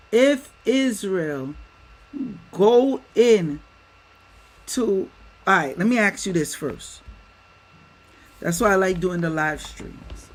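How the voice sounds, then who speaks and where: Pitched high and captured with poor audio, a male livestream host gives commentary from his home green-screen setup. He speaks emphatically, refers to viewers as "y'all," and rattles off rhetorical questions.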